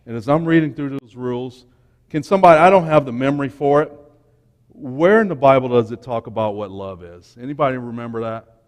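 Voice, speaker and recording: A man giving an informal, emotional sermon to young people, swinging between quiet and loud. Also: mid-range voice, brisk. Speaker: speaker at a church youth talk. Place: church hall. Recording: long church hall reverb.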